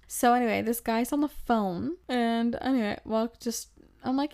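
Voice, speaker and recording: A woman in her twenties who hosts a podcast, telling a travel story in a lively, breathless way and acting out the quotes. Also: mid-range voice, unhurried, vocal fry. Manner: animated, breathless, acts out quotes. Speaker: podcast host. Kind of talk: casual storytelling.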